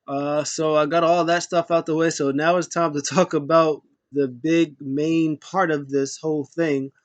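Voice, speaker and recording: A man's voice: a little high, flat delivery, measured pace, dry recording. A man giving a loose, rambling recap of a wrestling show, full of fillers and asides. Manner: rambling, filler-heavy retelling. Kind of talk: casual recap chat.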